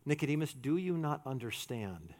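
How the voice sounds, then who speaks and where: A man preaching a sermon as a pastor, animated, swinging from loud to hushed and acting out quotes. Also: mid-range voice, moderate pace.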